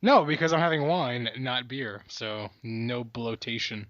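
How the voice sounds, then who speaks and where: A man's voice: medium pitch, steady tone, unhurried, a bit bright, dry recording, highs cut off. A man co-hosting a comedy podcast from a hotel room, rambling and swearing freely in casual chat. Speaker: podcast co-host. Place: hotel room, calling in remotely.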